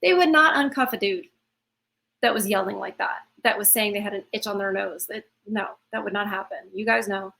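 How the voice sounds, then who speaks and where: A woman's voice: mid-range voice, fairly quick, vocal fry, pushed and bright. A woman giving blunt, opinionated reaction commentary.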